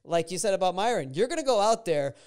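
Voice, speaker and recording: Fast-talking, smooth-voiced male podcast host. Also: sits high, sing-song, darkish tone. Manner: blunt, swearing, rambling questions. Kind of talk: casual interview chat.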